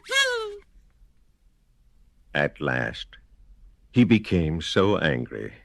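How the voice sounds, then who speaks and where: A man reading a children's story aloud slowly in a sing-song, very expressive way. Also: sits low, no echo, studio quality. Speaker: radio theater storyteller.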